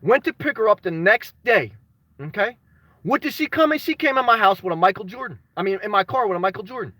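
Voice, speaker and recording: On a casual livestream, a high-voiced man reads live chat, greets viewers by name, and wanders off into rambling stories at a fast clip. Occasionally he lets out an excited shout. The recording is close and completely dry.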